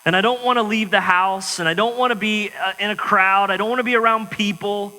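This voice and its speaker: A man delivers a sermon in a church sanctuary, his voice high and bright. He keeps it conversational and pokes fun at himself. A long reverb trails his words through the hall. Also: fairly even intonation, a little fast. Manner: conversational, self-mocking humor. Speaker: pastor.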